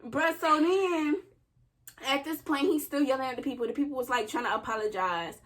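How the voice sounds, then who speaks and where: A young woman co-hosting a vlog, telling a family story in an animated, joking, slangy way. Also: sits high, brisk. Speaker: vlog co-host. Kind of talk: casual storytime chat.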